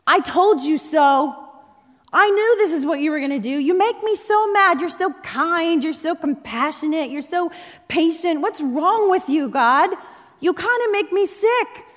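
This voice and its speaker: A woman's voice: extremely high pitch, lively intonation, a little slow, fairly bright tone, voice pushed up, exaggerated voice. A woman voicing a petulant grown man who rants sarcastically at God in an exasperated, whiny tone. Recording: long reverb in a large hall.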